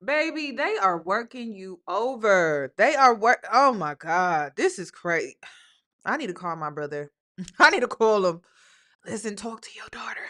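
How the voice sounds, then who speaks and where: Animated woman reacting with bright emphasis. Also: medium pitch, a little slow. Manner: animated, emphatic, repeats herself for effect. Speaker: host reacting to a video. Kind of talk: casual commentary.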